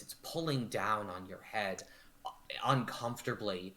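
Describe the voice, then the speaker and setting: A man narrating a tabletop game as game master, animated and full of fillers. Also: on the low side, measured pace.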